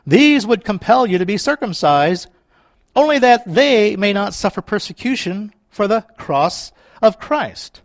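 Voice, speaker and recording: A man's voice: sits high, no room sound. A man pastor preaching a conversational sermon, with playful asides and laughter between scripture readings.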